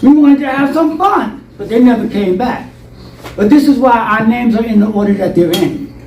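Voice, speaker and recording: An older man telling stories in an interview, animated and rambling, acting out voices from his past. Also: very high voice, normal speed, distant mic, lo-fi sound, slight background noise. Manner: rambling, animated storytelling with acted quotes. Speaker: interview guest. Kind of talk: storytelling interview. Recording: roomy, from off-mic.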